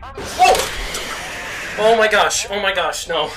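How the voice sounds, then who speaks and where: A gaming YouTuber doing let's play commentary, excitable, yelping and laughing at jump scares and tossing out mock insults and silly jokes. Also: mid-range voice, takes it slowly, background noise.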